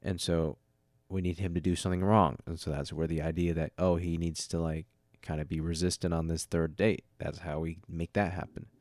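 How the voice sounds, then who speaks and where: A yawning man hosting a solo podcast, talking in a loose, rambling way with a deep voice. He keeps laughing at his own jokes and catching himself mid-thought. The sound is dry and close, recorded at home on a desk mic. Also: flat delivery, fairly quick, darkish tone, no echo. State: sleepy, yawning. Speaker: podcast host. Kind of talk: casual solo podcast talk. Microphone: studio mic with audio interface.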